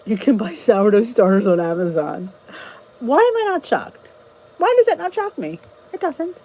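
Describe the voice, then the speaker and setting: A chatty woman hosting a relaxed livestream and answering viewers' comments. Her voice sits a little high and warm, and it swings widely in pitch as she rambles and restarts her sentences. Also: normal speed, rough recording. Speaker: channel host. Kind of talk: casual livestream chat.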